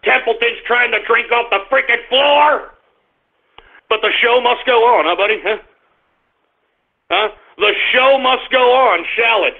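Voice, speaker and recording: A man's voice: very high voice, a little slow, pauses often. A male talk radio host, exasperated and swearing, rambling with restarts through a live on-air rant from his office. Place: home office. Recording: tinny phone-like radio stream.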